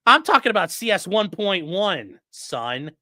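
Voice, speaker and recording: A man in his late thirties telling a story in a casual, animated and profane way as the host of a livestream, full of gun jargon. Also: high-pitched, unhurried, no echo. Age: late 30s.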